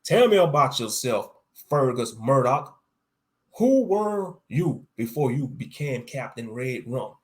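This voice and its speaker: A man voicing a hot-tempered young male interrogator who snaps sharp insults in a raised voice. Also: medium pitch, very animated, takes it slowly.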